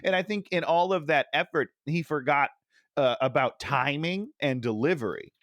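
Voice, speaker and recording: A man co-hosting a podcast, chatting about a movie in a jokey, animated way and laughing often. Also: on the high side, moderate pace, no room sound. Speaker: podcast co-host. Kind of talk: casual comedic movie chat.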